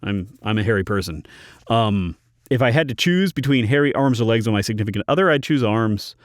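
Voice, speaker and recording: A YouTube host runs his channel's Q&A from a home recording booth, reading out viewer questions and answering bluntly and dryly. His lowish voice is animated and fairly quick, captured on a studio microphone with no echo.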